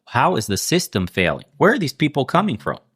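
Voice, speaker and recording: A man in mid-rant, hurling sarcastic rhetorical questions and swearing freely. His pitch sits in an ordinary male middle register. The sound is dry and close, with no room echo. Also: huge pitch swings, a little fast, fairly bright tone, slightly rough. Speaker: channel host. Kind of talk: political commentary rant.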